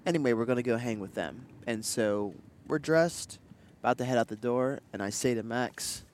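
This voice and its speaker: A man's voice: mid-range voice, moderate pace, slight background noise. A young man hosting a podcast, chatting playfully with lots of slang and laughter while driving. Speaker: podcast host. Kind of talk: casual chat. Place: moving car.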